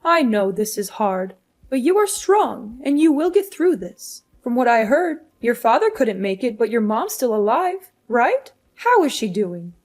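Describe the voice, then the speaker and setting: A woman voicing a cruel, scornful middle-aged mother-in-law in an animated story, talking down with mocking condescension. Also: fairly high pitch, measured pace. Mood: concerned. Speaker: fiancé's mother.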